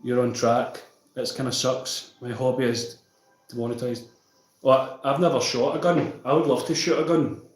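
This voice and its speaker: A man's voice: mid-range voice, fairly even intonation, normal speed, echoey room, soft background music, low-quality recording. A Scottish man chatting casually with viewers on a livestream, reading out and answering their comments.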